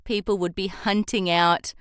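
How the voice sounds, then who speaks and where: A young Australian woman chats as a podcast guest, laughing easily between thoughts. Her voice is smooth and clear, and the recording is dry and close with no room sound. She keeps a relaxed, friendly interview tone. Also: mid-range voice, measured pace, no echo. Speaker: voice actress guest. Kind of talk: casual interview chat.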